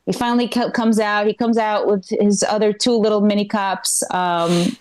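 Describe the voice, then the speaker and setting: A woman's voice: mid-range voice, fairly even intonation, moderate pace, few pauses. A middle-aged woman from Ukraine, a stand-up comedian telling a rambling live story on a small club stage and checking in with the crowd.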